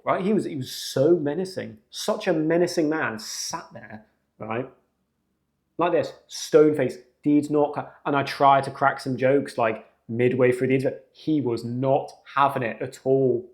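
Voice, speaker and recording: A young man, hosting a podcast and telling a story in a casual, animated, slangy way. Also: medium pitch. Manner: animated, slangy, jumps into acted quotes. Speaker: podcast host.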